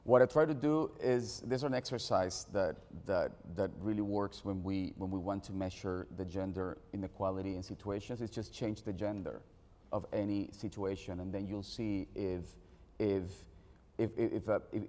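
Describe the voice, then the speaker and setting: Man telling a halting story in a hall. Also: fairly low pitch, dark tone. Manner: halting, with many repeated restarts. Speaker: panel speaker. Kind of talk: storytelling at a panel talk. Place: event venue on stage. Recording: reverberant hall.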